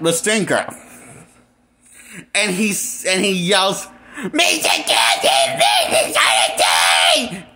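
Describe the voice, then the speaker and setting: A man's voice: on the high side, bright, forceful tone. A man reviewing a movie in a casual, rambling rant, full of restarts and blunt, exasperated complaints. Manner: rambling, with frequent restarts and fillers. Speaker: movie critic.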